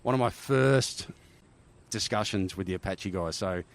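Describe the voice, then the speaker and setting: A deep-voiced Australian man, a former army helicopter pilot appearing as a podcast guest, tells stories in a casual interview. His delivery is unhurried and creaky, rambling along with restarts and tagging lines with "right?".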